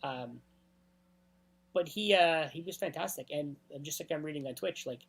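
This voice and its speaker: A man as a DJ guest in a casual interview, telling anecdotes at length and often clearing his throat. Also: on the high side, normal speed, fairly bright tone.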